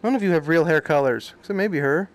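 A man's voice: on the high side, quick pace. A man streaming a game, reading its subtitles aloud and adding crude, joking commentary full of swearing. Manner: crude, joking, swears often, reacts loudly.

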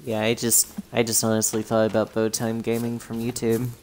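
Very low-voiced laid-back woman co-player. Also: completely flat delivery, brisk, music in the background. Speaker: co-player on stream. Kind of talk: casual gameplay chat.

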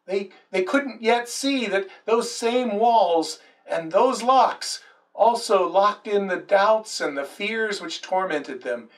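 A man's voice: high voice, lively intonation, slow pace, far from the mic. A male pastor preaching a sermon and telling the story dramatically, with quoted lines.

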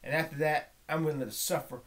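A man praying aloud in a halting, pleading monologue, often breaking off and restarting, dropping to a hush at times. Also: on the high side, fairly even intonation, background noise. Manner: drops to a hushed whisper at times. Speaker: vlogger. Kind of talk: spoken prayer monologue.

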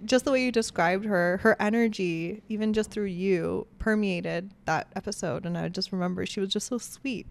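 A woman hosting a podcast, chatting casually and encouraging her guest with quick, upbeat affirmations. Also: mid-range voice, creaky. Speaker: podcast host. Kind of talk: casual interview chat.

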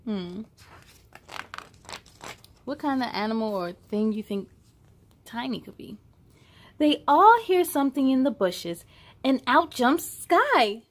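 A young adult woman reading a children's story aloud, expressive, with chatty asides to the kids. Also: high-pitched, takes it slowly, pauses often.

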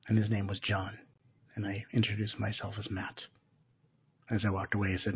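Soft-spoken breathy man, lo-fi audio. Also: lowish voice, little pitch movement. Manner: soft, slow and soothing, with gentle repetitions. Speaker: spiritual teacher. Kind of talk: guided gratitude meditation. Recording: muffled lo-fi narrow-band audio.

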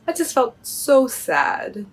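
A small boy baboon from a children's storybook with a raised, childlike voice, as a woman puts him on. He sounds earnest and a little breathy, worrying over everything. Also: high-pitched, very animated, slow, pitched above the performer's own voice, full character voice. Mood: sad. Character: young boy baboon, sensitive and easily worried.

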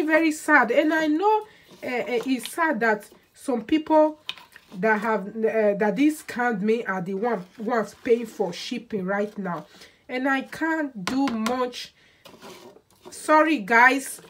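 A woman's voice: on the high side, a little hiss or hum. Emphatic woman vlogging. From Nigeria. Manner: emphatic and repetitive, aggrieved. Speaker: hair oil seller and beauty vlogger. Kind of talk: casual vlog monologue. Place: indoors, lives in Sweden.

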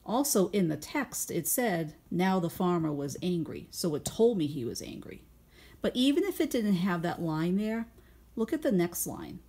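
Over video, a woman teacher reads a picture book aloud to young children at home, pausing to ask gentle guiding questions and patiently explain her thinking. Her mid-range voice is sing-song and slightly rough, at a moderate pace.

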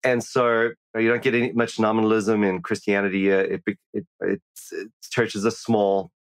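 A man's voice: on the low side, level tone, normal speed, no echo. A man from South Africa with a South African accent tinged with American, a pastor chatting casually as a podcast guest, self-deprecating with many restarts. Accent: South African, mixed with some American.

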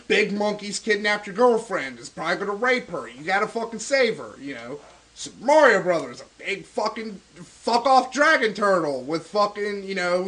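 A young man rambles through profane let's-play commentary, cursing constantly as he rants. He sounds stoned, with a bright, slightly high voice that swings widely in pitch. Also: poor audio. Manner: swears constantly, rambling and ranting. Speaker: gaming video host.

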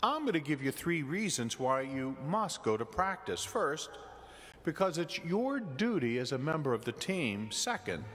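A man's voice: on the high side, very animated, a little slow, fairly bright tone, soft background music. A man voicing an insistent, exasperated father calling through a door. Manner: insistent, stern. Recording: church with long reverb.

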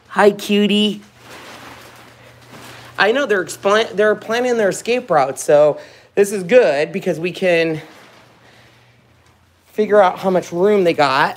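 A woman's voice: medium pitch, expressive, a little slow, long pauses. A woman vlogger in casual chat, cooing in baby talk at puppies.

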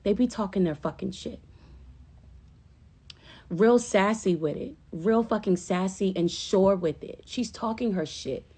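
Brief: woman hosting a phone livestream, middle pitch, loose profane rambling, bursts of heated passion. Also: a little slow, breathy edge. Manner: profane, rambling and animated, flaring into impassioned outbursts. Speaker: livestream host. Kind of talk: casual chat on a phone livestream.

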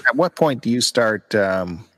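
Guy, low voice, easygoing podcast co-host, chatty and teasing. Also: expressive, unhurried, a bit bright. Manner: chatty, teasing, plugs events. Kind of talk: casual chat.

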